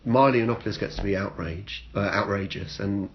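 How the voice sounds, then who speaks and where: Podcast host, wry man, low voice, muffled lo-fi sound, faint hiss. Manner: wry, dry joking, talks in halting restarts. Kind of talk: casual podcast chat.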